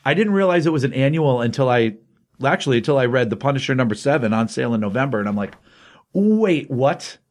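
A man's voice: mid-range voice, very fast. A man co-hosting a casual comic book chat, retelling a story in rambling, restarting sentences. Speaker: comic book podcast co-host.

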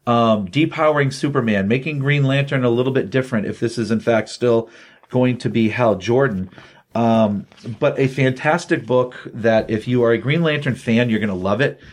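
A man co-hosting a comic book podcast, retelling a story with lively energy and acting out the characters' lines. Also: mid-range voice, moderate pace. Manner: animated retelling, acts out quotes. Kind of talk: casual comic review chat.

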